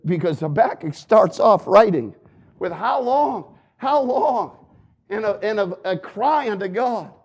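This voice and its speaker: A man preaching a sermon, swinging between loud and hushed delivery and repeating phrases for emphasis. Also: sits high, expressive, measured pace, creaky, breathy edge.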